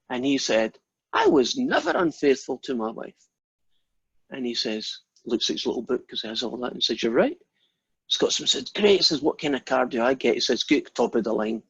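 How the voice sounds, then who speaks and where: A man's voice: mid-range voice, breathy edge, no room sound. A man teaching a math class online, telling a joke in a chatty, informal way before getting back to the lesson. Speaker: math lecturer. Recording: dull lo-fi audio, dry.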